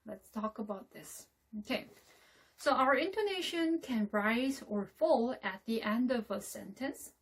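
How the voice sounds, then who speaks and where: A woman's voice: fairly high pitch, lively intonation, husky. Woman teaching English intonation. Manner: explains slowly, with frequent "okay?" checks. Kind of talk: classroom lecture on intonation.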